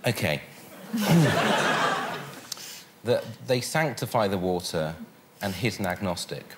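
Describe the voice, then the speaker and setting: Very slow, deadpan man. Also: fairly low pitch. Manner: deadpan, measured. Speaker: comedian panellist. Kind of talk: deadpan panel answers. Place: TV studio with audience. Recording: loud studio audience, noisy mix.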